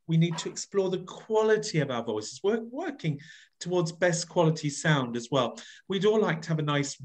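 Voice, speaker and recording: On a video call, a voice workshop leader whose voice sits on the high side coaxes his online group. He performs every phrase with broad, exaggerated expression.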